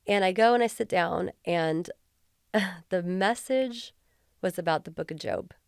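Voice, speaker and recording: An earnest woman talks candidly as an interview guest, her voice sitting a little on the low side. She speaks in a heartfelt, filler-filled conversational way. The sound is dry and close, with no room echo. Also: unhurried, gravelly, clean tone. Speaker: podcast guest, former police officer.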